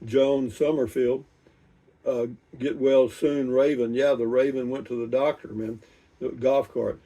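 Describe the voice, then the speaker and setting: An older man, reading out viewer comments and chatting about them in an unhurried, rambling way with many restarts. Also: medium pitch, steady tone, dark tone, far from the mic. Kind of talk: casual chat.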